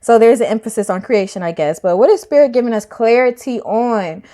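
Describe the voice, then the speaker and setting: A woman's voice: on the high side, fairly quick, mellow. A woman giving a casual tarot reading to camera, chatty and emphatic, talking straight to her viewers and swearing now and then. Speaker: tarot reader.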